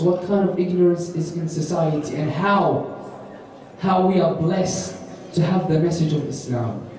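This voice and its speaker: A man preaches in a mosque lecture with a high, mellow voice. He tells stories and keeps asking his listeners rhetorical questions. The sound is from a far-off mic in a very echoey hall.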